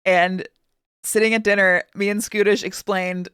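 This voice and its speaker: A woman with a Chicago accent, chatting as a streamer in an excitable, rambling way. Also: medium pitch, normal speed, clear, resonant tone, no echo, clean studio sound. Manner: excitable, rambling, often laughing. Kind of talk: casual reaction stream chat.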